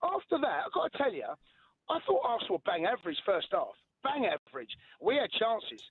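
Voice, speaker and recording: Guy on a tinny phone line, really high lively voice, defensive, keeps going "right?". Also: brisk, slightly rough, dry recording. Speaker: radio phone-in caller. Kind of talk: heated radio phone-in argument.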